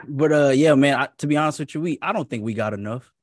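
A man's voice: on the high side, animated, fast talker, no echo, clean studio sound. A man as a guest in a casual panel podcast chat, easygoing and rambling with asides.

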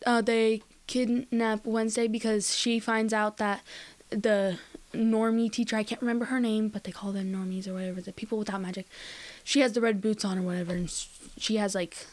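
A woman's voice: on the high side, steady tone, moderate pace. Rambling young woman in casual chat. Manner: rambling, filler-heavy, says "bro" and "like". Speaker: podcast co-host.

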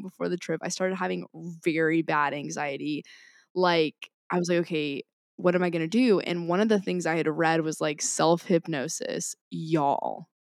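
A woman tells a story on a podcast, animated and quick to laugh. Her voice sits a little low. The sound is dry and close, with no room echo. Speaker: podcast co-host. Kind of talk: casual chat.

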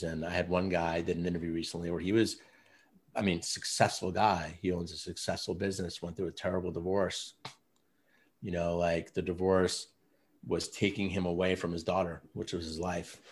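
A man who runs a men's coaching program, telling stories in a casual interview with lots of fillers. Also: low voice. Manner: earnest, storytelling, many fillers like "you know" and "like".

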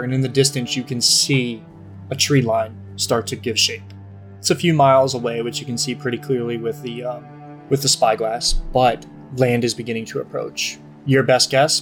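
A young man as game master, narrating a tabletop game in a relaxed way with frequent fillers. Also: mid-range voice.

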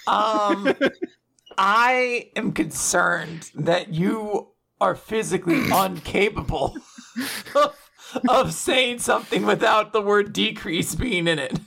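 A man's voice: high voice, slow, vocal fry. A young man co-hosting a casual podcast, recapping comics with constant laughter. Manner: giggly, animated, laughs mid-sentence. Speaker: podcast co-host.

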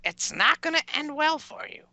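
A woman's voice: high voice, big pitch swings, normal speed, creaky, pushed and bright, dry recording, heavily acted. A woman voicing a tiny, menacing self-styled killer who calls in to a show, talking tough and sarcastic in improvised comedy. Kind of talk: improvised comedy role-play.

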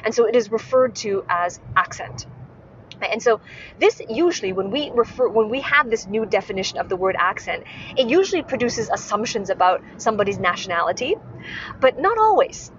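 A woman hosts an instructive podcast as a speech coach, often checking in with tag questions and correcting herself mid-sentence. She speaks in a mid-range voice, very animated and fairly quick. The recording is muffled, with a little hiss or hum.

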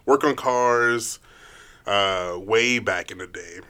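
Man, podcast co-host, casual chat, excitable, stumbling. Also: fairly low pitch, takes it slowly, smooth. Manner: excitable, laughs often, trips over words.

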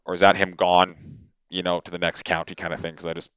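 A man from Canada, a podcast guest, telling a story in a casual, animated way with lots of fillers and repeated words, into a podcast microphone. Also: deep voice, fast, clean tone, no echo, highs cut off.

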